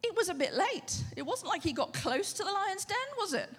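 A woman pastor preaching a sermon in a conversational, animated way, often asking the audience questions. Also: very high voice, brisk, long reverb tail, soft background music.

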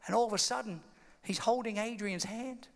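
A man's voice: high-pitched, moderate pace, creaky, background noise. A man preaching a sermon, dramatically retelling a story and acting out its scenes. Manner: dramatic, emphatic, acts out scenes. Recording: long hall reverb.

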